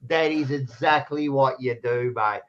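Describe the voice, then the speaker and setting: An Australian man co-hosting a casual footy podcast, loud and teasing, swearing freely. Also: mid-range voice, a little slow, lo-fi sound. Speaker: podcast co-host.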